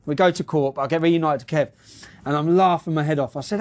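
A man's voice: on the high side, fairly even intonation, quick pace. A man giving casual news commentary and anecdotes in a brash, profane manner with laughing asides.

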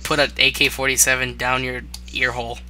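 A young player chatting over a game, reacting in an excitable way. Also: medium pitch, fairly quick, a little hiss or hum. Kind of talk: casual gaming chat.

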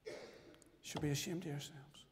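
A man from Northern Ireland giving his testimony as a sermon, with fervent preaching that swings sharply between loud and hushed. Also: fairly high pitch, steady tone, normal speed, slightly rough. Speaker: testimony speaker at a church. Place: church hall. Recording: church recording with long reverb.

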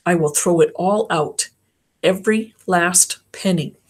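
A woman's voice: on the low side, a little slow, breathy edge. A woman reading as a stern, heartbroken mother. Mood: stern, scolding. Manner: stern and scolding. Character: angry, heartbroken mother of a teen girl.

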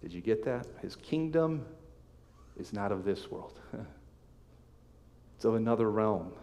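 A man preaching a sermon as pastor, reading scripture aloud with emphatic swells and sudden soft drops. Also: fairly low pitch, animated, a little slow. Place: church sanctuary. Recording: long hall reverb.

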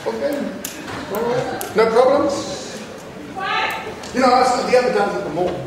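A New Zealand man speaking as a children's author to a school audience, lively and joking as he acts out a story. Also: very high voice, fairly quick. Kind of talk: storytelling talk to students. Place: large school hall. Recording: echoey hall, mic far off, noisy.

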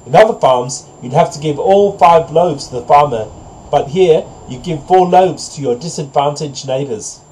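A man's voice: a little high, normal speed, a little mellow, a little hiss or hum, lightly acted, low-quality recording. A man doing a scolding, preachy farmer. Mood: lecturing. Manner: lecturing.

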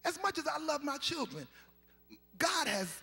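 A man's voice: extremely high pitch, very animated, measured pace, gravelly. Whooping preacher in his fifties. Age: 50s. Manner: chanting, sing-song whooping delivery that builds to shouts. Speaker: pastor. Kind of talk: sermon. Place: large church sanctuary. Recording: live church recording with long reverb and faint organ.

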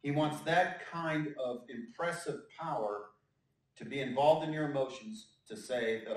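A man's voice: medium pitch, unhurried. A male pastor giving a conversational sermon with joking asides and frequent fillers. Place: church sanctuary. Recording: echoey church hall, mic at a distance.

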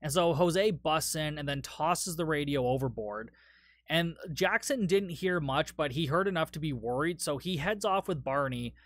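A man's voice: a little high, moderate pace, a bit bright, dry recording. Tired, profane man recapping a movie. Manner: casual and profane, rambling recap. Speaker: podcast host. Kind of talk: solo movie review podcast.

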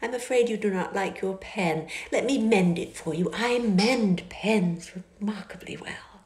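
A woman reading a novel aloud and voicing a haughty, flattering young society lady in a high, gushing, sing-song tone, sometimes breathy and whispery. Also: measured pace, close to an everyday voice. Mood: coy whisper. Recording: echoey car interior.

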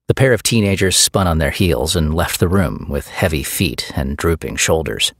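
A man narrating an audiobook with a measured storytelling delivery. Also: extremely low pitch, expressive, creaky, no echo, studio quality.

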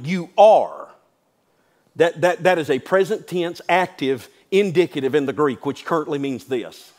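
High-voiced preacher man. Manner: storytelling preacher, rising to emphatic declarations; folksy asides, calls listeners "son". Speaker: pastor. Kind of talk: sermon.

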